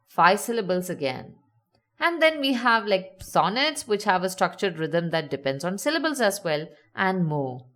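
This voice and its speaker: A woman narrating a scripted lesson, slowly sounding out example words with clear enunciation. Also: on the low side, sing-song, a bit bright. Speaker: teacher.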